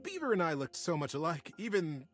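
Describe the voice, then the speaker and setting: An actor in a storybook game voicing a cheerful, genial male beaver stranger with a jovial, warm manner. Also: fairly high pitch, sing-song, brisk, faint music behind, voice pushed up.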